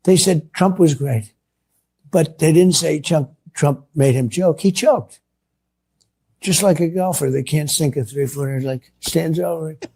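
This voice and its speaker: Older guy rambling and bragging, gravelly husky dark voice, played clip. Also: fairly high pitch, a little slow. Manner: boastful, repetitive, rambling. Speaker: politician answering reporters. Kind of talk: clip of a press Q&A.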